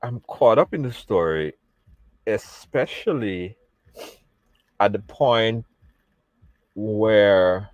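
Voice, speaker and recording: A man's voice: fairly low pitch, very slow, long pauses, darkish tone, dry recording. A man hosting an interview, attentively summarizing the guest's story before asking his question. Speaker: interviewer host. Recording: dull dry lo-fi recording.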